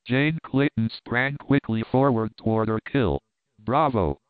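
A man's voice: medium pitch, steady tone, measured pace, clean tone, no room sound. Man reading, tinny phone-like sound. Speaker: narrator. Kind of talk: audiobook narration of adventure fiction. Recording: tinny, band-limited dry audio.

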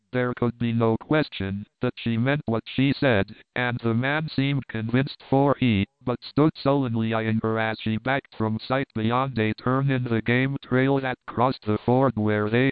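A man narrating a novel in a measured, even storytelling voice. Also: medium pitch, clear, resonant tone, dry recording. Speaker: audiobook narrator. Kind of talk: reading a novel aloud. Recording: dry, tinny phone-like sound.

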